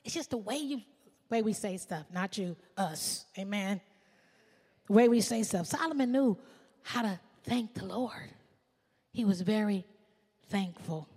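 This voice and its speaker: A woman pastor preaching a sermon, swinging from shouts to hushed asides. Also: medium pitch, a little slow, pauses often, breathy edge, big-room sound.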